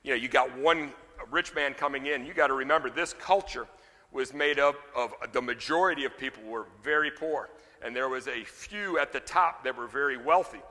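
A man's voice: mid-range voice, moderate pace, bright, forceful tone, big-room sound. A man preaching a sermon, emphatic on scripture readings and loose and chatty in his story asides.

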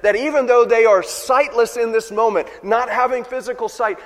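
A man preaching a sermon, swinging between loud emphatic passages and quiet, low asides. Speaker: pastor. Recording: long reverb of a large hall.

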